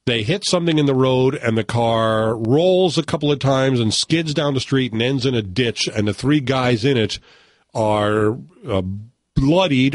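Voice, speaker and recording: A man hosting a radio chat, retelling and reviewing a movie in an animated, laughing way. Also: mid-range voice, no room sound, clean studio sound. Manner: animated storyteller, laughs often. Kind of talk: casual chat.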